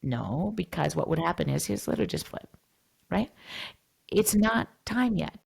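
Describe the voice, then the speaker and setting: Low, gravelly woman. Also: unhurried. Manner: animated, acts out dialogues, switches to soft whispers. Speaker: psychologist guest. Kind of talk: podcast interview.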